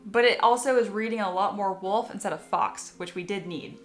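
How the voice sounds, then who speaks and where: A woman with a medium-pitched voice talks a little fast in a roomy space, with soft music playing behind her. She's sculpting on a live stream, chatting casually with viewers, reading their comments aloud and often poking fun at herself.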